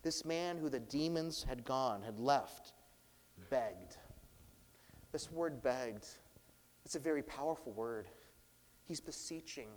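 A man preaching a sermon, earnest, swinging between emphatic and hushed delivery. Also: medium pitch, lively intonation, slow, long pauses, in a large hall, slight background noise. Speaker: pastor.

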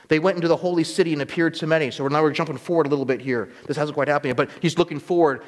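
A male pastor with a somewhat high voice reads scripture aloud and breaks off to explain it. His comments grow more intense as he goes. The sound carries a long reverb, as if from a large church sanctuary. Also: fast, few pauses. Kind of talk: sermon reading and explaining scripture.

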